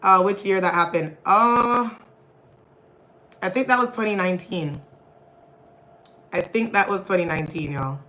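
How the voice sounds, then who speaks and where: A young woman with a mid-range, pushed and bright voice talks a little slowly, leaving long pauses. As a livestream host she chats casually with viewers, reads their comments, laughs a lot, and calls them y'all, all in a rough recording.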